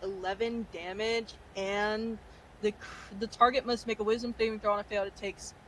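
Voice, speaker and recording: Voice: medium pitch, flat delivery, moderate pace, fairly bright tone, a little hiss or hum, poor audio. A player in a tabletop game, talking casually, swearing and laughing while taking a turn.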